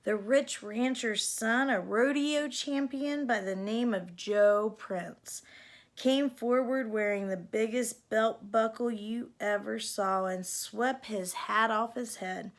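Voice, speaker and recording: Slow, expressive woman reading a story. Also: on the high side. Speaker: teacher reading aloud. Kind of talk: storybook read-aloud.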